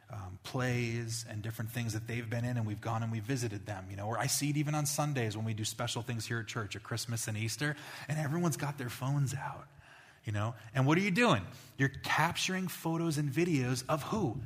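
A man preaching a sermon as a pastor, in a lively, conversational way that acts out little scenes. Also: mid-range voice. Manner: animated, conversational preaching with acted-out voices. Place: church. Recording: long reverb of a church hall.

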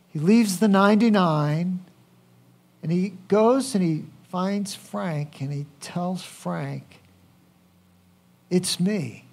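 A pastor preaches in a relaxed, conversational way, taking his time. His voice sits high for a man. He frequently turns to the congregation with questions.

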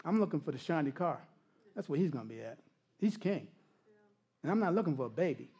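High-voiced middle-aged male preacher. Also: fairly quick, slightly rough, highs cut off. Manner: animated storytelling that drops to hushed, intimate tones; laughs often while telling stories. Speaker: pastor. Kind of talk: sermon.

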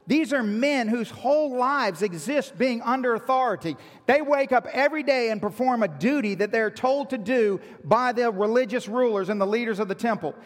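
A high-pitched male pastor delivering an emphatic sermon, stacking repeated phrases to build his points. His voice carries a long reverb, as if filling a large church sanctuary. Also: expressive, normal speed, few pauses.

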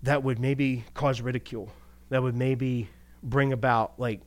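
Male pastor, casual preaching voice, lively delivery with rhetorical questions and quick laughs. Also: mid-range voice. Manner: animated, rhetorical questions, chuckles. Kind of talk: conversational sermon.

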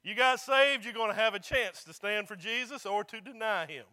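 A man's voice: high-pitched, moderate pace, bright, forceful tone. A man pastor preaching a sermon, emphatic and calling on the congregation for amens. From not local to the congregation.

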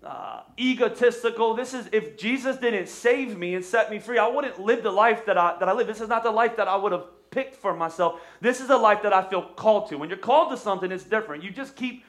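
High-voiced energetic pastor preaching. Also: male voice, brisk, hardly any pauses. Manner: energetic, urges the congregation to respond. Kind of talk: sermon. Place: church stage.

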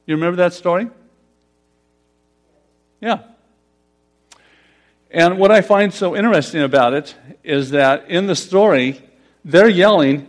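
A man's voice: high voice, a little slow, long pauses. A pastor preaching a conversational sermon, putting questions to his congregation. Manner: conversational, asks the congregation questions, laughs often.

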